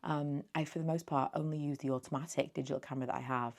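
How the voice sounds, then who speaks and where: A woman near forty talks through her thrift haul in a loose, rambling vlog chat. Her voice sits low and has a gravelly fry, and her words run a little slurred, like she has only just woken up. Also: steady tone, quick pace, a little mellow. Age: late 30s. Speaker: beauty vlogger.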